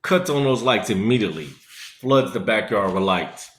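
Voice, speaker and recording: A man's voice: fairly low pitch, lively intonation, normal speed, a bit bright. A man casually telling a personal story in a rambling, conversational way, full of fillers. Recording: echoey room.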